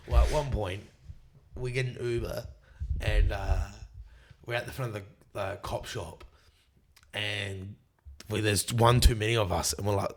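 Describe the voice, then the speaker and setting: Swearing young Australian man telling stories. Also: on the low side. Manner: swears a lot, acts out quotes. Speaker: guest. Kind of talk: casual podcast chat.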